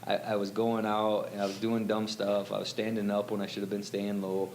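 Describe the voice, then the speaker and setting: A man telling his own story in a relaxed, rambling way, full of fillers and quoted lines. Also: lowish voice, brisk, a little hiss or hum, low-quality recording. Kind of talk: casual storytelling.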